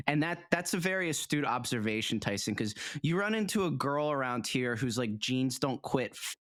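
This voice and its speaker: A man's voice: medium pitch, animated, normal speed, a bit bright, no room sound, clean studio sound. A man from New Jersey co-hosting a casual podcast, laughing often and rambling with restarts. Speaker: podcast co-host.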